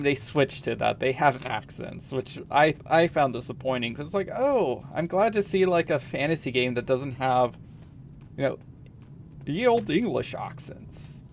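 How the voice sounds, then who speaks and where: A man's voice: a little high, slight background noise. A man streaming a game, musing and rambling in casual commentary, chuckling now and then.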